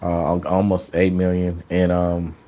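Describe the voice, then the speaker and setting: A man with a very deep, low-pitched voice talks loosely and casually as a studio interview guest. He drifts between thoughts, trails off and picks back up in relaxed slang. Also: unhurried, a little hiss or hum. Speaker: musician guest.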